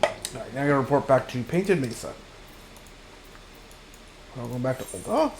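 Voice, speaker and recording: A man's voice: mid-range voice, moderate pace, reverberant, noisy background. A man streaming a video game, chatting casually and reading the game's lines aloud. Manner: relaxed, reads game dialogue aloud. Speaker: gaming streamer. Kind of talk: casual gameplay commentary.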